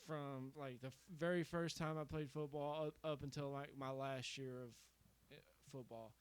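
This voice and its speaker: Smooth-voiced young man teasing his co-host. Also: medium pitch, no room sound. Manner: relaxed, ribbing reactions, drawn-out storytelling. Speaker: podcast co-host. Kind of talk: casual chat.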